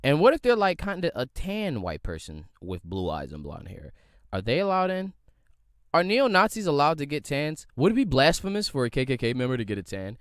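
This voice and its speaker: A man's voice: on the high side, wildly swooping pitch, brisk, clear, resonant tone, no room sound, studio quality. A young man from the area, hosting a solo podcast in a loose, profane, rambling rant full of rhetorical questions. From Philadelphia area. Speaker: podcast host.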